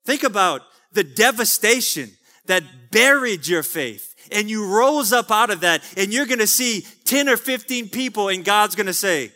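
A man's voice: high-pitched, lively intonation, moderate pace, few pauses, pushed and bright, in a large hall. A man pastor preaching a fervent sermon to his congregation, calling for amens. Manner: fervent preaching with calls of amen. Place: church sanctuary.

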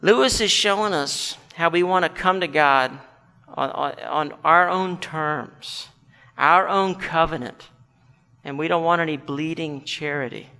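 A man's voice: fairly high pitch, unhurried, sharp tone, clear, resonant tone. A man preaching a sermon, earnestly questioning his listeners and telling illustrations. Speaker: pastor. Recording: long hall reverb.

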